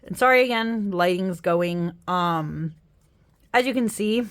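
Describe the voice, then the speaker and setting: A woman's voice: on the low side, takes it slowly. A young woman chatting casually through a flip-through of tarot and oracle decks, tired after work, rambling, laughing and apologizing as she goes. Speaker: tarot deck reviewer.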